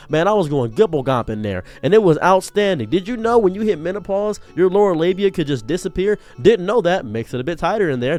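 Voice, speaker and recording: A young man tells a comedic personal story in a lively, joking way, his voice sitting a bit high for a man. Soft music plays faintly behind him. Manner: animated, jokey, bursts into higher acted quotes. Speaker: streamer telling a story.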